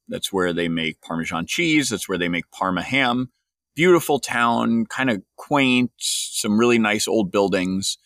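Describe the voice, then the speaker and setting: A man's voice: fairly low pitch, a bit bright, no echo, studio quality. A man hosting a podcast, telling a travel story wryly before moving into casual commentary. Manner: conversational, wry, with fillers and restarts. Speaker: podcast host.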